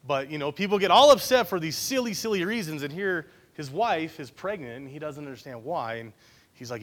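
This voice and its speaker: Casual, higher-voiced man preaching. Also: expressive, fairly quick. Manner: casual, often checks in with listeners by asking "right?". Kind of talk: conversational Bible-study sermon.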